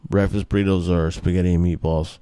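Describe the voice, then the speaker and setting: A man hosts a casual monologue in a low, warm, smooth voice, speaking fairly quickly in a level tone with no echo. He rambles, curses, and keeps restarting his sentences with plenty of fillers.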